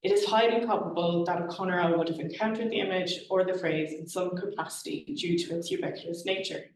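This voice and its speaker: Woman academic reading a prepared paper, formal, measured; distant mic, heavy room echo. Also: on the low side. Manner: formal, measured delivery, marks quotations aloud. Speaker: academic conference speaker. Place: lecture hall. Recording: very echoey, distant mic in a lecture hall.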